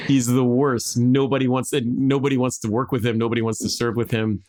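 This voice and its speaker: A man's voice: mid-range voice, flat delivery, brisk, a little mellow. A man hosting a podcast, telling a history story in a rambling, casual way with frequent restarts and laughs.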